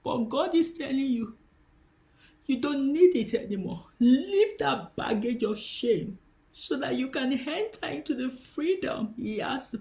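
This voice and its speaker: A woman's voice: sits high, animated, measured pace, gravelly, a little mellow. A woman preacher giving a spiritual teaching, impassioned and emphatic, repeating her key phrases.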